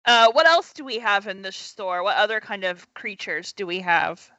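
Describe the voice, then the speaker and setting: A woman's voice: mid-range voice, animated, moderate pace, bright, forceful tone, no echo, lo-fi sound. A woman player in a tabletop game, asking eager questions in casual chat.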